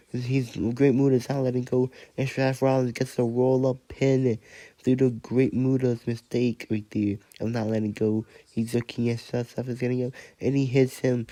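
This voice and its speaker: A man who is sick and speaking low, giving play-by-play wrestling commentary and counting out the pins. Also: mellow, no room sound. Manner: counts pins aloud and announces winners.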